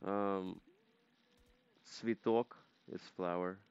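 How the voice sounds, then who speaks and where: A man's voice: low-pitched, fairly even intonation, drawn-out words, darkish tone, clear, resonant tone, muffled recording. A man streaming a game, casually chatting and playfully repeating foreign words to practice them. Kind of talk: casual gaming live-stream chat.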